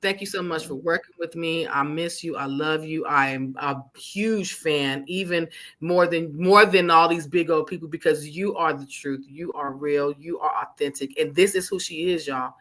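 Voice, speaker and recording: Bright-voiced effusive woman host. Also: low voice, moderate pace. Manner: effusive, emotional, animated storytelling. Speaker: podcast host. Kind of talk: casual heartfelt interview chat.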